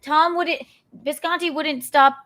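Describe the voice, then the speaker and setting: A woman hosting a livestream show, telling stories in a lively, chatty way and laughing often. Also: high voice, a little slow. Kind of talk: casual chat.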